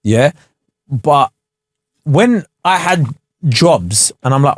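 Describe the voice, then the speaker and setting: A man co-hosting a podcast, chatting in a slangy, animated way and sometimes mocking people with put-on voices. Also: on the high side, slow, pauses often, no room sound, studio quality. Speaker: podcast co-host. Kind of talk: casual chat.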